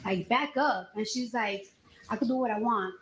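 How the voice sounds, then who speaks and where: A woman testifying as a witness, retelling events in a lively, slangy way with acted-out quotes. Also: a little high, normal speed. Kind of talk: courtroom testimony, storytelling. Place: echoey courtroom. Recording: echoey courtroom with faint noise.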